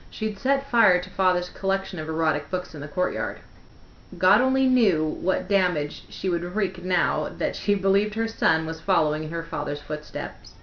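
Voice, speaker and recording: Roomy, low-voiced woman reading a novel. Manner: measured, expressive narration. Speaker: book reader. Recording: roomy, dull lo-fi home recording.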